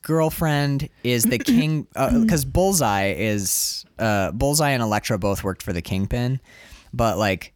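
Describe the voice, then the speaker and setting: A man's voice: medium pitch, big pitch swings, measured pace, dry recording, studio quality. A man in casual chat as a podcast co-host, rambling with lots of fillers and restarts. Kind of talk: casual chat about comics.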